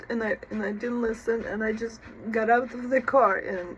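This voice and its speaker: A mother giving personal advice on a vlog, talking in a halting, emotional way and often stopping to apologize. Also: a little high, steady tone, highs cut off, slight background noise. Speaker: mother of an autistic child.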